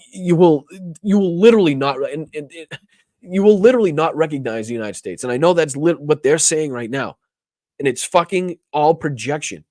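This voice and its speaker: Hosting a political show, a man delivers heated commentary full of profanity, growing emotional to the point of near tears and repeating words when worked up. His voice is a little high and a little mellow, recorded dry in studio quality.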